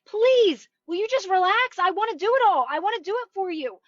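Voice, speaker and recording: The universe as a coaxing, begging presence that wants to take care of everything, as a woman puts it on, lifted well above her usual high voice. The sound is dull and lo-fi. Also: expressive, brisk, no room sound. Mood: pleading. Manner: coaxing, begging, pitched higher. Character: pleading caring universe, eager to help.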